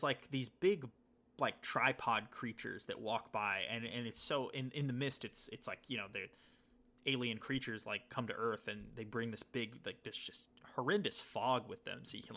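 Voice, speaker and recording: A man's voice: medium pitch, pushed and bright. A man co-hosting a casual podcast, telling a story in a rambling way and acting out the lines he quotes. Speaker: podcast co-host. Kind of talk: casual chat.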